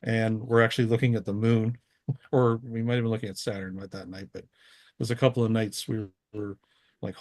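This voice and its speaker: A man's voice: on the low side, flat delivery, fairly quick, a little mellow, no room sound, studio quality. A man giving a casual, rambling talk over a slideshow of photos, with frequent restarts. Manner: rambling, many restarts, easygoing. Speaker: guest astronomer.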